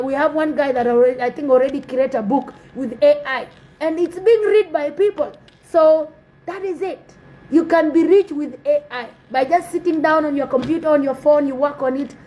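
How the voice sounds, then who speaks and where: A woman's voice: high voice, a little mellow, rough recording. A woman giving an impassioned spoken address to her community, pleading and exhorting with repeated phrases. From South Sudan.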